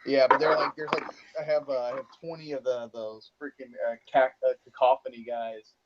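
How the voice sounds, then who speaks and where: A man's voice: mid-range voice, little pitch movement, a little fast, heavy background noise. A man in casual podcast chat, enthusiastic and full of fillers and swearing. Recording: dull lo-fi sound.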